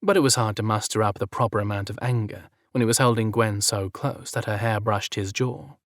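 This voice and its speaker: A man reading romance audiobook narration in a measured, even manner. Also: on the low side, no echo, clean studio sound.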